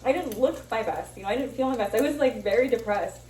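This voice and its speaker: A woman's voice: fairly high pitch, fast talker, a little mellow, slight background noise. A young woman from Miami chatting casually while she cooks, rambling, swearing freely and laughing often as she cuts herself off. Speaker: vlogger. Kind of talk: casual chat while cooking. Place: kitchen, cooking bacon. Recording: echoey kitchen, sizzling pan, distant camera.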